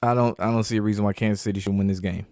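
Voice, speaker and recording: A man's voice: on the low side, steady tone, racing, a little mellow, no echo, studio quality. Laid-back man hosting a picks show. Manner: laid-back, reads matchups and lines before giving picks. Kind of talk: casual sports betting chat.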